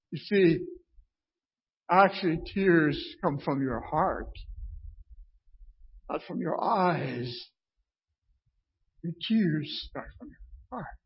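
A man delivers an informal sermon in a high, breathy voice, taking his time over each phrase. He reads scripture and keeps checking in with his listeners. The recording sounds dull and lo-fi. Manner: conversational, often asks "right?" of the listeners. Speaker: preacher.

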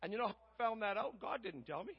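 A man preaching a sermon, retelling a Bible story and acting out the characters in lively voices. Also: sits high, fast, creaky, breathy edge, lo-fi sound. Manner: animated, acts out characters in different voices.

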